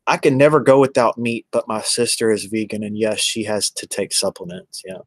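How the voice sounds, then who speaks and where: A man's voice: fairly low pitch, steady tone, a little fast, dry recording. Rambling man in dry room. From Texas. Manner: rambling, chatty, answers viewers by name. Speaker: livestreamer. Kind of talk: casual livestream chat.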